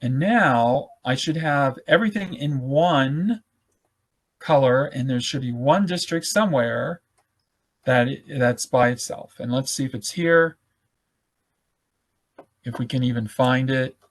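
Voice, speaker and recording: A man of ordinary pitch leads a live online class, clicking through a screen demonstration. He talks loosely and thinks aloud, correcting himself as he goes. His voice is a bit hoarse and comes through a computer mic on a video call. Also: slow pace, pauses often. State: losing his voice. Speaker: webinar presenter.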